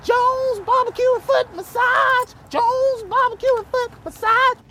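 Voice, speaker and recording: A woman playing a loud fried-food counter worker calling out orders in a sing-song way. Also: expressive, brisk. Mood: hawking. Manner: shrill sing-song hawking. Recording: clip played over loud music. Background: loud music.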